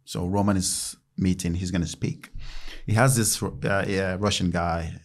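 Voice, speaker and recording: A man in his thirties talks casually with a fairly low voice, telling dressing-room stories. He swings between mumbled asides and loud acted-out quotes. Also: measured pace. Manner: animated, acts out quotes in raised voice. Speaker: guest, former footballer. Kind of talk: casual interview storytelling.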